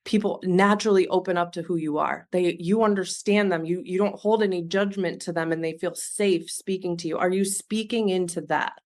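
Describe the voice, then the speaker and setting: A woman's voice: lowish voice, steady tone, normal speed, hardly any pauses, darkish tone. Earnest woman coaching from the heart. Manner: earnest, heartfelt, speaks straight to the listener. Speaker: business coach. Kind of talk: motivational coaching talk.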